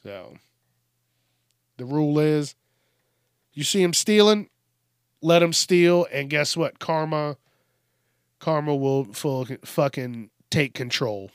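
Male podcast host, higher-pitched, dry close sound; profane, animated rambling monologue. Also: takes it slowly, long pauses, smooth, dry recording. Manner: profane, animated, acts out quoted rude customers.

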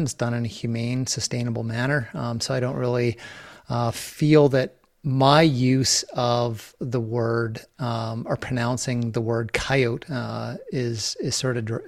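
A man from Canada hosts his own podcast in an easy, rambling way, full of fillers and restarts. His pace is unhurried and his pitch sits in the middle of the usual range. The sound is dry and close, with almost no room echo. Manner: relaxed, with many fillers and restarts. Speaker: podcast host. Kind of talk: casual solo podcast talk.

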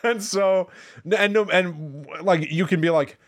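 A man's voice: high-pitched, measured pace, crowd noise. Chatty male podcast co-host. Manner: storytelling, animated when quoting. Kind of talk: casual chat.

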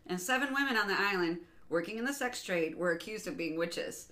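A bright-voiced woman hosting a casual chat podcast. She rambles through her stories and laughs easily, with a loose, unscripted flow. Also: medium pitch, lively intonation. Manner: giggly, rambling, quick to laugh. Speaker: podcast co-host.

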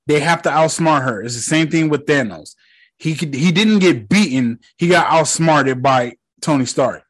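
A young man casually recapping a movie, swearing freely and retelling the scenes with excitement. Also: a little high. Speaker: movie reviewer.

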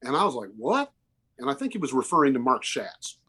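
A man's voice: mid-range voice, wildly swooping pitch, creaky, bright, forceful tone, breathy edge. Earnest man in his fifties. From Oklahoma. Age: 50s. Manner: earnest, emotional, halting restarts. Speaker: musician guest. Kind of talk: candid interview storytelling.

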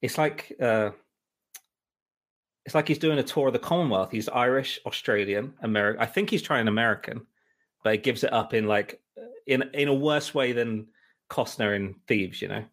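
A man's voice: medium pitch, normal speed, fairly bright tone. A man co-hosting a podcast, telling rambling, exasperated stories full of fillers and restarts. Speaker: musical director and co-host. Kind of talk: casual chat.

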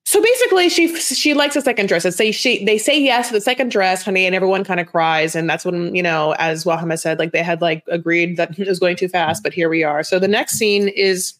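A woman's voice: lowish voice, brisk, few pauses. A woman co-hosting a podcast, recapping a reality show in loose, rambling casual chat. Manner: loose, rambling, many restarts and fillers. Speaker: podcast co-host.

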